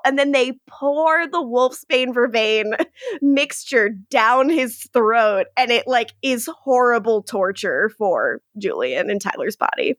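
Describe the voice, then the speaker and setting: A woman co-hosts a casual podcast and recaps scenes with lots of laughter. She voices the characters' lines as she goes. Her voice sits a bit high, and the recording is close and dry. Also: animated, slow pace, fairly bright tone, no room sound. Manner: giggly, acts out characters' lines while recapping. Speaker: podcast co-host recapping episodes.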